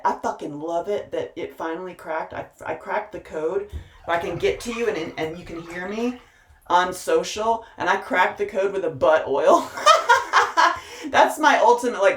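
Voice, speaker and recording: A woman's voice: mid-range voice, echoey room, distant mic. A woman giving an impassioned, profane pep talk straight to her listeners, preachy and emphatic, repeating words for emphasis. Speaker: motivational speaker and host.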